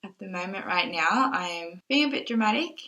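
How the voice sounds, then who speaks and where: A woman's voice: mid-range voice, lively intonation, fairly quick, bright, forceful tone, dull audio. A young woman vlogging to camera, anxious and rambling as she thinks aloud, tearful at times. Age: young adult. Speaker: exchange student vlogger. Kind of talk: casual vlog talk to camera.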